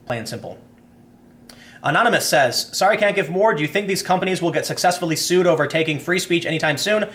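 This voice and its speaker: A man's voice: on the high side, fairly bright tone. Chatty man reading live viewer comments. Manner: thinking aloud, frequent restarts, explains with hypotheticals. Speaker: livestream host reading viewer chat. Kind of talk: casual livestream chat.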